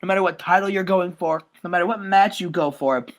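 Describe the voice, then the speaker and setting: A man's voice: high voice, fast talker, lightly acted. A podcast co-host voicing a boastful male wrestling champion, delivering an arrogant, gloating promo in his everyday voice.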